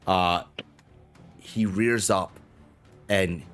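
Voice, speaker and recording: A man's voice: deep voice, steady tone, drawn-out words, a bit bright, faint music behind. A man narrating as game master of a tabletop game, casual and rambling, often restarting mid-sentence and swearing.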